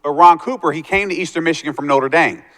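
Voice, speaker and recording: In a long, reverberant hall, a man addresses students as a motivational speaker, recounting his life story and voicing the people in it. His voice is a little high and fairly bright, and he talks quickly.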